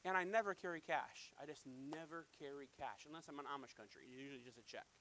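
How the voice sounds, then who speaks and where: A male pastor with a high, bright voice preaches with insistent emphasis. He circles back on phrases, repeating them as he tells stories from his own life. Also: quick pace, a little hiss or hum, rough recording. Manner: emphatic, repetitive, anecdotal storytelling. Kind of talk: sermon.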